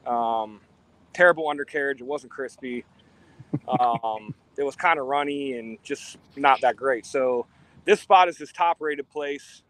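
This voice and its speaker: A man's voice: mid-range voice, a bit bright, no echo. A laid-back man chatting casually on a live show from a pizza shop, rambling and chuckling as he talks. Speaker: show regular joining from a pizza place.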